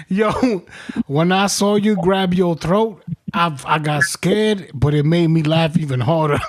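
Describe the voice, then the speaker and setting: A man's voice: fairly high pitch, slow. A man hosting a podcast, telling a story in casual chat, laughing constantly, swearing, and repeating himself. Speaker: podcast host. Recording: faint background noise.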